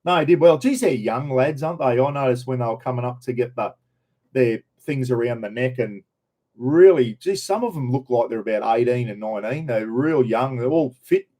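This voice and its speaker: A man's voice: medium pitch, dark tone. A middle-aged Australian man from Queensland chatting casually on a livestream, rambling and greeting his viewers by name. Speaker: livestream host.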